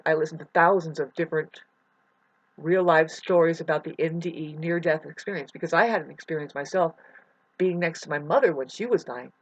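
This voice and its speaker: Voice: medium pitch, no room sound. Brief: a fragmented, restless monologue vlogger who shifts from mumbles to outbursts; dull, muffled home-mic sound. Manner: fragmented, full of restarts, swings from mumbling to loud outbursts. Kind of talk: rambling unscripted monologue. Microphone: computer mic.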